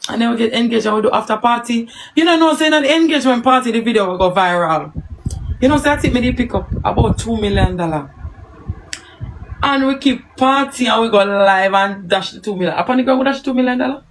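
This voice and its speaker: A woman's voice: a little high, expressive, quick pace, a little hiss or hum, rough recording. A woman with a Jamaican accent chatting casually on a live stream, answering viewers and telling stories in patois.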